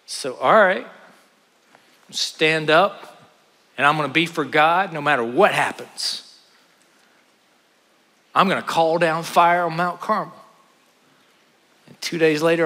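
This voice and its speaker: A man preaching a sermon with dynamic delivery, rising to loud exclamations and dropping to hushed asides. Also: fairly high pitch, slow, pauses often. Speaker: pastor. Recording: long hall reverb.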